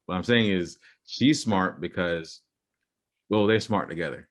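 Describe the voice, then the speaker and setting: A man's voice: low voice, measured pace. A young man co-hosting a casual podcast, arguing his points and laying out theories, often repeating himself. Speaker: podcast co-host.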